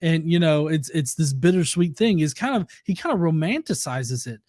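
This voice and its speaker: A man talking as a guest on a podcast, measured and hesitant, full of fillers. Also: on the high side, lively intonation, darkish tone, dry recording, studio quality. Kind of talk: casual discussion.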